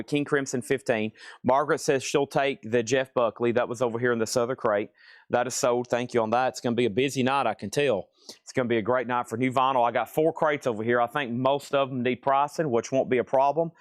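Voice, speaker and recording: A man's voice: mid-range voice, no echo, clean studio sound. A man selling vinyl records in a live-streamed auction from a record store, chatting and joking between calling out prices. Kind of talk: live auction sales patter.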